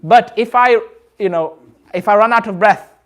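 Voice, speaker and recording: High-voiced man teaching a class. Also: moderate pace. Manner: explains patiently, repeats points, quizzes the class. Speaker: Quran recitation teacher. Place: community centre classroom.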